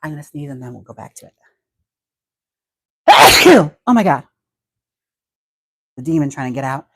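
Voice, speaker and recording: A man's voice: a little high, sing-song, moderate pace, fairly bright tone, slightly rough, dry recording. A man hosting a casual livestream, chatty and giggly as he talks about wigs and reads out viewer comments. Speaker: livestream host and wig stylist.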